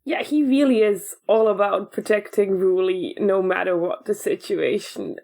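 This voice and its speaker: A woman's voice: medium pitch, moderate pace, vocal fry, dark tone. A woman co-hosting a podcast in casual chat, chatty and laughing at her own jokes. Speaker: podcast co-host.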